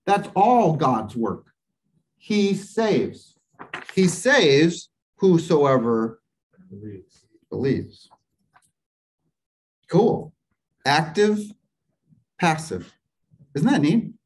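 A man leads a church Bible class at an unhurried pace. His voice sits a bit high for a man. He quizzes his listeners as he goes and breaks the Greek grammar into small steps. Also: very animated, slight background noise, low-quality recording. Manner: asks the class questions and waits for answers; explains Greek grammar step by step.

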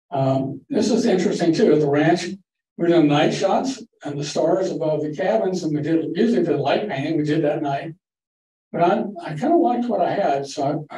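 A warm, slightly high male voice belongs to an older guest photography presenter. He gives a relaxed, rambling slide-show talk with homespun stories to a photography club meeting in a library room. Recorded from afar, the room sounds echoey and there's a faint hiss.

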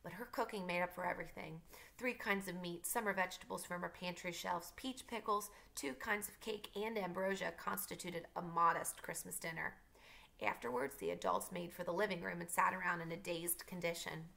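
A woman teacher reading a novel aloud to her class, telling it in a steady way and adding casual asides. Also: fairly low pitch, a little fast, creaky.

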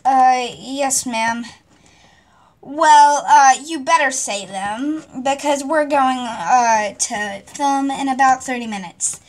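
A woman's voice: high voice, takes it slowly. A woman voicing a director mom who coaches actors and counts down cues. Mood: instructing. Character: brisk female show director, a mom.

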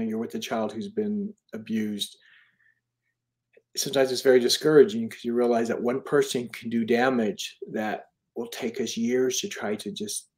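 With a lowish, darkish voice, a fifty-something author and charity founder tells stories in a relaxed interview. He comes across as earnest, though he rambles, restarts and uses fillers.

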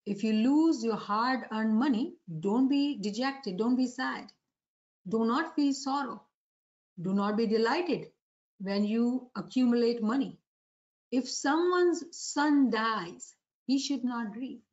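Posing rhetorical questions to listeners, a female religious preacher delivers a devotional lecture-style sermon. She speaks slowly in a high voice with a somewhat dark tone, captured on a muffled recording.

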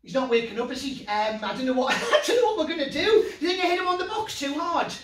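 Excitable North East English magician, high voice. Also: male voice, fast talker, roomy sound, recorded from a distance. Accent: Geordie. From North East England. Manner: playful, excitable, talks straight to the kids at home. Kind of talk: children's comedy magic show.

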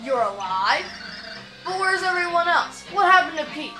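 A whiny, hot-headed monster king who shouts his complaints in a voice pushed up high, as a woman reads him out. Game music plays behind him, and the room sounds roomy and echoey. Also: very animated, normal speed. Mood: indignant. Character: blustering hot-tempered male turtle-monster king.

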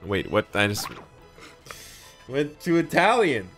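A young man giving jokey, animated let's play commentary, often breaking into laughs. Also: lowish voice, fairly quick, faint music behind. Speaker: gaming YouTuber.

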